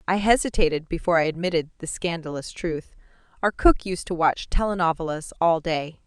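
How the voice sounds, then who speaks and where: A woman's voice: sits low, normal speed, clean tone, no room sound. A woman reading a first-person audiobook in a playful, wry manner, recorded on a studio mic. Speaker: audiobook narrator. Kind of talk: scripted first-person narration.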